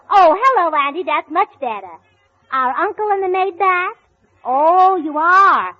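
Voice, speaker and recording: Chirpy high-voiced woman on old radio. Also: expressive, unhurried. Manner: scatterbrained, chirpy, cheerful. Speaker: comedian and show co-host. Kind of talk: scripted radio comedy. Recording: dull, faintly noisy 1940 radio broadcast.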